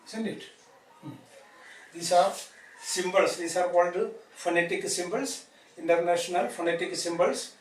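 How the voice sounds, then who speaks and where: A man's voice: sits high, moderate pace, long pauses. A man teaching an English grammar class, repeating points and asking tag questions to check understanding. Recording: echoey room from far off, faint noise.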